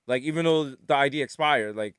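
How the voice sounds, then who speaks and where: A man's voice: medium pitch, brisk, smooth, dry recording, clean studio sound. A man with a New York accent, co-hosting a podcast in casual comedic chat and acting out the voices in his stories. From the Bronx, New York. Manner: animated storyteller, acts out quoted voices. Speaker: podcast co-host.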